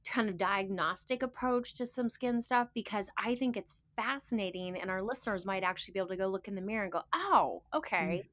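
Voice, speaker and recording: A woman hosting a podcast interview, friendly and quick to laugh. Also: medium pitch, no echo, clean studio sound. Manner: warm, laughs often. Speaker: podcast host.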